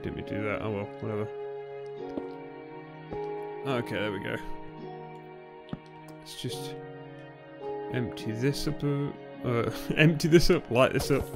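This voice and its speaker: A young man giving nervous, excitable commentary on a game he is playing, often bursting into shouts. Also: medium pitch, measured pace, gravelly, pauses often, over loud music. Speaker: gaming YouTuber. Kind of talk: Let's Play commentary.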